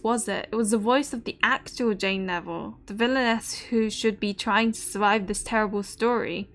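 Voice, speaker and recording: A woman's voice: mid-range voice, fairly bright tone, close to an everyday voice. A woman voicing a wry, anxious young noblewoman, reading game dialogue aloud in a formal storybook manner.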